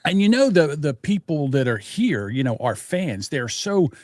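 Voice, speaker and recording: A man's voice: fairly high pitch, big pitch swings, moderate pace, dry recording, studio quality. A middle-aged man co-hosting a podcast, chatting casually in a rambling, self-deprecating, scatterbrained way. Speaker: podcast co-host. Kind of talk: casual chat.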